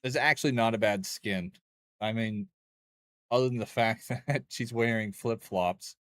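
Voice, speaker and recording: A man's voice: medium pitch, unhurried, fairly bright tone, no echo, studio quality. A young man streaming a game, rambling and joking with chat in a loose, crude way. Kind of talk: casual gaming stream chat.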